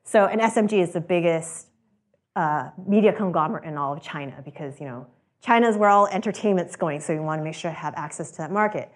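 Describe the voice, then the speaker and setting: A woman founder giving a conversational talk to students, telling lively stories, acting out quoted exchanges and laughing often. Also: lowish voice, fast.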